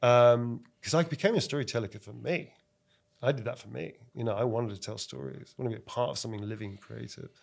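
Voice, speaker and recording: Man, London accent, middle-aged, animated storyteller, casual swearing, laughs a lot. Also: medium pitch, fast talker, gravelly. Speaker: actor and director. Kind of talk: casual podcast chat.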